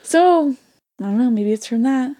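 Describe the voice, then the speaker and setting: A woman's voice: high-pitched, moderate pace. Chatty young woman podcast co-host. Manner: chatty and animated, tells stories eagerly. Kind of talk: casual chat.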